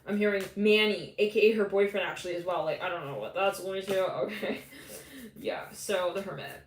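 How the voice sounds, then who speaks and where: A woman giving a live psychic tarot reading in a rambling, loose way, full of "like" fillers and quick quoted voices. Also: medium pitch. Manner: rambling, many "like" fillers, quotes imagined people, laughs often. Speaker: tarot reader. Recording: echoey room with faint background noise.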